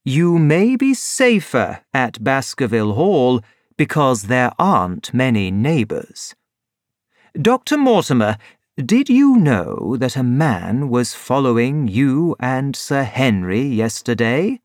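A man voicing a calm, shrewd middle-aged detective in a storybook reading, low and measured. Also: dry recording, clean studio sound. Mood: probing.

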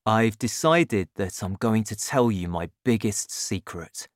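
A reader voicing a patient, gentle father in a slow, measured audiobook reading. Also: medium pitch, animated, no echo, clean studio sound, lightly acted. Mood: calm, earnest. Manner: slow, measured storytelling delivery.

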